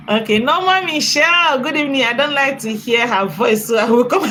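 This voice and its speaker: Chatty Nigerian woman, bright and laughing. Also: fairly high pitch, normal speed, hardly any pauses, slight background noise, poor audio. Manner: chatty, laughs often, thanks donors effusively. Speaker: live-stream commentator. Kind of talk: casual live-stream gossip commentary.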